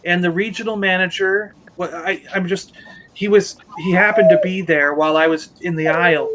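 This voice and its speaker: Guy on a toy livestream rambling thru a story, higher voice, faint hiss behind. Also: steady tone, moderate pace, a bit bright, poor audio. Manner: rambling, retells conversations with restarts. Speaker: toy collector livestream co-host; Lego merchandising rep.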